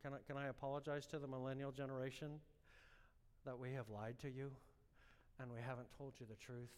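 A man preaching a sermon, telling a personal story with strong emotion and building to fervent, loud exhortation. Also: medium pitch, level tone, brisk, smooth, big-room sound. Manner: emotional storytelling, rising to impassioned shouting.

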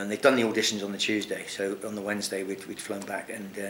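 A man telling a long anecdote in casual chat, animated, swearing often and laughing. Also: fairly low pitch, fast, echoey room, slight background noise. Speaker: guest actor. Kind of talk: casual storytelling.

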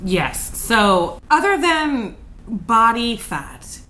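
Bright-voiced woman telling animated stories. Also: on the high side, extremely slow, a little hiss or hum. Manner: animated, profane, laughs often. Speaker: podcast co-host. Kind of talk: casual chat, storytelling.

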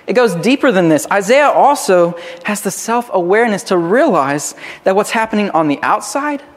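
A man's voice: high voice, big-room sound. A man preaching a sermon as pastor, earnest and often repeating words as he starts a phrase.

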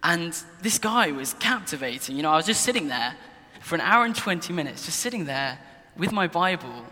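A man's voice: fairly high pitch, very animated, brisk, bright, forceful tone, big-room sound, a little hiss or hum. A young man candidly telling his personal Christian testimony at his desk in a casual, earnest way, sometimes restarting sentences. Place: desk in his own room.

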